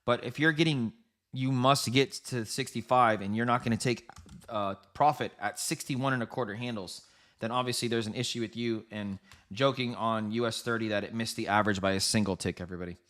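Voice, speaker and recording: A trading livestream host with a mid-range, slightly bright voice talks briskly and casually about the markets. He laughs a lot and keeps turning to speak directly to the people watching.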